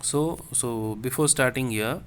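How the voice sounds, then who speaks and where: Slow, repetitive man teaching French. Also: medium pitch, a little hiss or hum. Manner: slow, repetitive, checks with "okay?". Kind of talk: classroom lesson.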